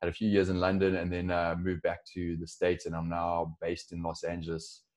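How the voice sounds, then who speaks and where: A man's voice: low-pitched, completely flat delivery, brisk, a little mellow. A man in his forties from South Africa with a South African accent, a podcast guest talking casually about his career with frequent restarts and fillers. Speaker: podcast guest, software co-founder. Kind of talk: casual interview.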